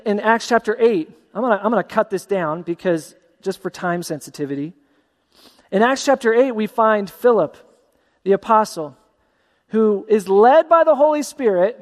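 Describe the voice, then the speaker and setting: A man preaching a sermon as a pastor, animated and acting out the voices of the people in his story. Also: high-pitched. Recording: long hall reverb.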